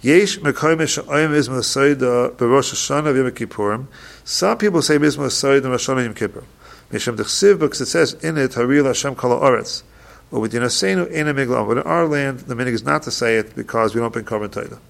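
A man teaching a halacha class, reading each Hebrew passage slowly and then explaining it in quick plain English. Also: medium pitch, gravelly. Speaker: Torah teacher.

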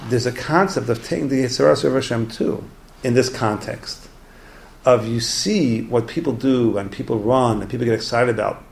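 Gravelly man teaching a Torah class. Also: medium pitch, normal speed. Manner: animated, conversational storytelling with restarts.

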